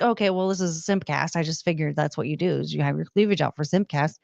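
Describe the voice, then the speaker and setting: A woman's voice: lowish voice, fast talker, gravelly, darkish tone, no echo, muffled recording. A young woman hosting a livestream, casually chatting and playfully reading out super chats. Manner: playful, reads out super chats with beeping sounds. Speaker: livestream host.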